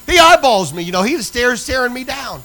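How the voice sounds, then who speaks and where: A man's voice: very high-pitched, sing-song, moderate pace, pushed and bright, soft background music, rough recording. A man preaching a sermon as pastor, folksy and emphatic as he tells a story. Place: church sanctuary.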